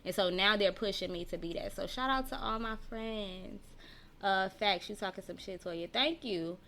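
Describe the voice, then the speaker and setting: A woman's voice: medium pitch, moderate pace, a bit bright, a little hiss or hum. A woman who teaches, hosting a casual live-streamed podcast chat, talking to viewers, reading out their comments and laughing often. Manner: chatty, reads out viewer comments. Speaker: podcast host. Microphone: personal mic.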